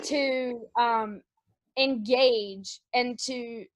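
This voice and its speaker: A woman talking as a guest in a casual interview, lively and chatty, jumping between topics. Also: on the high side, drawn-out words, noisy background.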